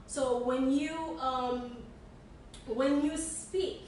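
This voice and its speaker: A woman's voice: sits high, fairly even intonation, extremely slow, a little mellow. A woman from Haiti co-hosting a casual podcast, welcoming listeners with many fillers and repeated phrases. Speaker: podcast co-host. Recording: echoey room, distant mic, faint hiss.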